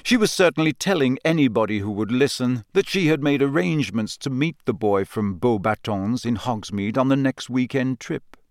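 A man narrating an audiobook in a measured storytelling manner. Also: medium pitch, expressive, no echo, clean studio sound.

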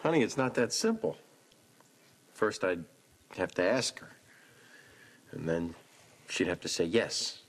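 A man playing a gentle, patient father in a sitcom. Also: deep voice, very animated, unhurried, long pauses, slight background noise. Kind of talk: sitcom acting.

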